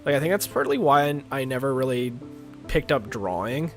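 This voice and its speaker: A young gamer streams and chats offhandedly with his viewers, rambling and using lots of filler. He speaks at normal speed in a mid-range, slightly congested voice, with soft background music.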